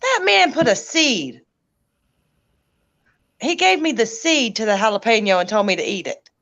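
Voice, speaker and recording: A woman's voice: fairly high pitch, lively intonation, moderate pace, fairly bright tone. A woman with a Southern US accent, joking and teasing as a podcast co-host in casual chat.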